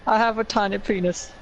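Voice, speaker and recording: A man in his twenties bantering casually on a live stream, laughing and protesting while he is tickled. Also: mid-range voice. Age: 20s. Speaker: streamer's older brother. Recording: noisy background.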